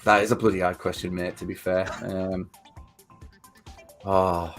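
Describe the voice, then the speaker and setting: A man's voice: low-pitched, flat delivery, measured pace, faint music behind. A man in his forties co-hosting a livestream, telling stories in a chatty, casual way and swearing freely. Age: 40s. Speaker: livestream co-host. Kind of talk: casual chat.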